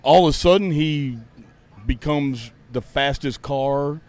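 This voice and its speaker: A man's voice: a little high, slow, darkish tone. A man, a podcast host and racing fan, ranting in a heated, sarcastic, profane way during a casual chat. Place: outdoors at a racetrack.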